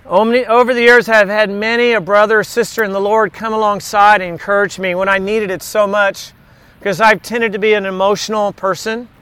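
A man's voice: sits high, level tone, fairly quick, pushed and bright, clean tone, no echo. A middle-aged man leading a Bible study in an informal sermon, talking conversationally, repeating key words and slipping in jokes.

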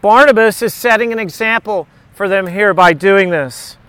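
A man's voice: high voice, normal speed, a bit bright, clean tone, no room sound. A middle-aged man leading a Bible study in an informal sermon, talking conversationally, repeating key words and slipping in jokes.

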